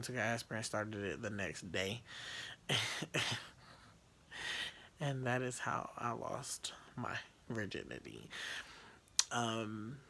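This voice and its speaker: A man's voice: fairly low pitch, creaky, fairly bright tone, a little hiss or hum. A young man telling a personal story to camera, candid and profane, rambling with fillers and restarts. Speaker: vlogger. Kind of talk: casual storytelling.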